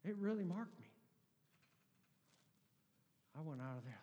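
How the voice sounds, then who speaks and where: A man preaching a sermon as pastor, swinging from loud emphasis to hushed, almost whispered lines. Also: on the high side, animated, unhurried, dull audio, slight background noise. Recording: hall with long reverb.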